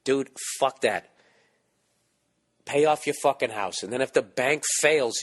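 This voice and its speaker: A hoarse man with a Boston accent delivers a loose, profane podcast rant, jabbing with mocking asides. He has a mid-range voice, and it sounds worn and scratchy from a night of yelling. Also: medium pitch, animated, measured pace. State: hoarse from screaming. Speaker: podcast host. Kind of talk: casual ranting monologue.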